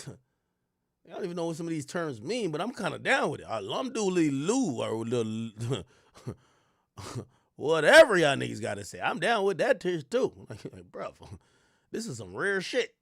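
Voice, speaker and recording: Animated, high-voiced male streamer. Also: unhurried, vocal fry, no echo, clean studio sound. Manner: crude, animated ranting with frequent laughs. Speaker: livestream host. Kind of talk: casual stream commentary.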